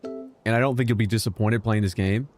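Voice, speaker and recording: A man's voice: fairly low pitch, fairly even intonation, fairly quick, a little mellow. A man streaming a video game, chatting casually, joking and swearing freely as he plays. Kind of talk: casual gameplay commentary. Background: game music.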